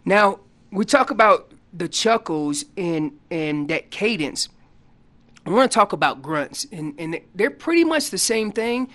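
A man's voice: high-pitched, unhurried. Folksy man explaining elk calls. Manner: folksy, animated, acts out what elk are saying. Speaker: elk calling guest expert. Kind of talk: casual radio interview explanation. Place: radio studio.

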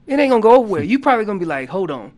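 Animated man telling hunting stories. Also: high-pitched, very fast. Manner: animated storytelling, rising loud on key points. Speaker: elk calling guest. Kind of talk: casual radio interview.

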